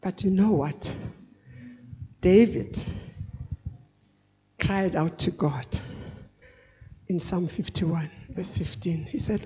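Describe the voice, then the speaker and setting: A woman preaching an earnest, halting, emotional personal testimony. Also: lowish voice, mellow. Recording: dull recording in a reverberant hall.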